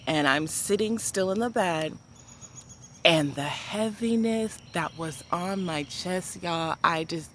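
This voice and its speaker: A woman vlogger telling a personal story to camera in an animated, chatty way, full of "like" and speaking to viewers as "y'all.". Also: fairly low pitch, slight background noise.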